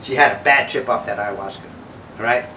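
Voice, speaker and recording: A man's voice: mid-range voice, a little fast, pushed and bright, roomy sound, distant mic, a little hiss or hum, rough recording. A man telling a funny story and preaching, acting out other people in squealing voices and laughing at his own jokes. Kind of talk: comic storytelling monologue.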